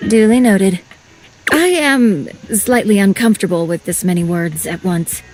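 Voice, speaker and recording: Woman as a reclusive, formal female object in a game; stiff and measured delivery, faint music under. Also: mid-range voice, a little mellow, lightly acted. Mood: aloof. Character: reserved, formal female household object who prizes solitude. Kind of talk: video game voice acting.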